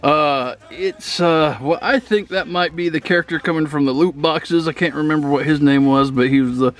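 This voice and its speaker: A man giving a casual, excitable unboxing review of a toy set, gushing and gasping with delight as he describes each detail, a little out of breath. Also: a little high, moderate pace. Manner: excitable, breaks into gasps and squeals of delight.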